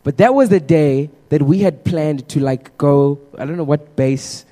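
Young preacher in echoey hall. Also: male voice, fairly high pitch, measured pace. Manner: casual, animated storytelling with humor. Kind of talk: sermon testimony to a congregation.

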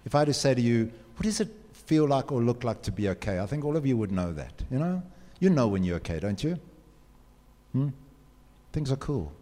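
A man's voice: medium pitch, big pitch swings, fairly quick, mellow. A man gives an earnest motivational talk to students, asking them direct questions. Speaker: speaker addressing students. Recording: long hall reverb.

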